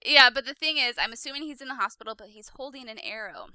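A woman's voice: fairly high pitch, lively intonation, quick pace, bright, forceful tone, smooth, dry recording. A giggly, chatty woman hosting a podcast, mixing casual banter with reading out a story recap. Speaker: podcast host.

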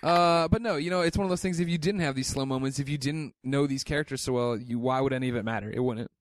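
A man's voice: mid-range voice, fast talker, dry recording. A man co-hosting a podcast in casual chat, joking and sarcastic. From San Francisco area. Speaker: podcast co-host.

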